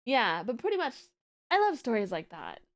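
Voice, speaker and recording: A woman's voice: fairly high pitch, huge pitch swings, moderate pace. A woman streaming and chatting casually in a rambling way, with lots of fillers. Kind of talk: casual reaction chat.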